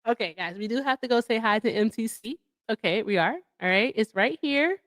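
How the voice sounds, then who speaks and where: A woman's voice: fairly high pitch, animated, moderate pace, fairly bright tone, no echo, clean studio sound. A woman hosting a livestream in casual chat, chatty and effusive as she thanks her viewers. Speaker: livestream host.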